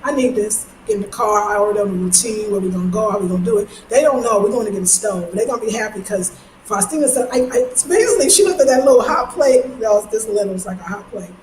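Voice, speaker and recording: A woman from New York, chatting casually in a vlog, slangy and animated, breaking into high mimicking voices. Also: fast talker. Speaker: vlogger. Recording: echoey space with faint ambient noise.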